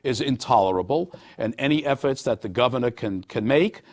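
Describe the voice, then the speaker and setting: Animated Brooklyn-accented older man. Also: medium pitch, a little fast. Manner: animated, folksy, hesitant with many uhs. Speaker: borough president. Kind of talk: TV interview. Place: TV studio.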